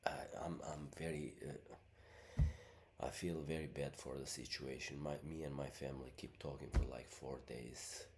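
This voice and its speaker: Congested, very deep-voiced man rambling. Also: steady tone, moderate pace, a little hiss or hum. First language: Albanian. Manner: rambling, many fillers like "you know what I mean". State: sick, congested voice. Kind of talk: casual monologue.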